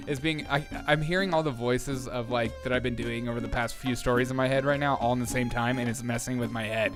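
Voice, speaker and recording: A man's voice: medium pitch, fairly even intonation, fairly quick, few pauses, a bit bright, soft background music. A man hosting a live comedy news show, riffing on headlines with a joking, chaotic manner and frequent laughter. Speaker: host.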